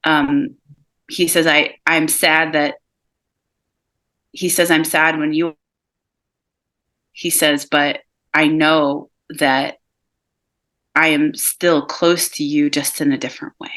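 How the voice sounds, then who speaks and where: A woman giving a live mediumship reading over a video call, relaying messages calmly and softly, often laughing between them. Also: sits low. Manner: relays messages in a calm, soft, slow delivery, with frequent laughs.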